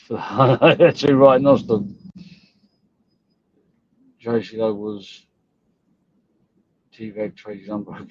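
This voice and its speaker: A man's voice: fairly low pitch, very slow, long pauses, a little hiss or hum. Blunt, scornful man ranting. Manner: blunt, scornful, swears often. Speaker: live-stream host. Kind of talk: ranting live-stream commentary. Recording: dull lo-fi stream audio.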